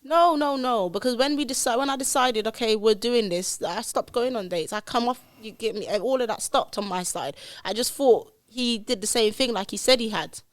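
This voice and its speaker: A woman's voice: fairly high pitch, moderate pace, hardly any pauses, no echo. A woman, a podcast guest telling her life story candidly and acting out the dialogue, recorded on a studio podcast mic. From London, England.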